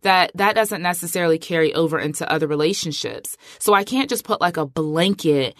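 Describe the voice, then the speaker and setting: A woman's voice: fairly low pitch, fairly quick, no echo, studio quality. A middle-aged woman hosting a podcast, talking in a chatty, emphatic way and often saying "like". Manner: chatty, emphatic, heavy use of filler like. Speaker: podcast host. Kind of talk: casual podcast monologue.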